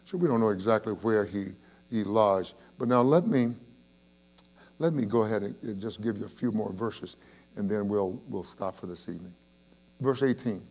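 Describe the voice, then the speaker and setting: A man's voice: fairly low pitch, normal speed, a little mellow. A man preaching an evening Bible study sermon, earnest and emphatic, with rhetorical questions and frequent restarts. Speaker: pastor.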